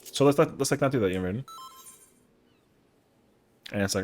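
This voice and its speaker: A man's voice: mid-range voice, brisk, a little mellow. A young man streaming an online game, chatting casually and making playful, boastful jokes full of slang. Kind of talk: casual chat while gaming.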